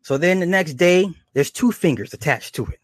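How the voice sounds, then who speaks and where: A man casually retelling horror episodes, slipping into quick acted quotes and chuckles. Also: high-pitched, animated, dry recording. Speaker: show reviewer.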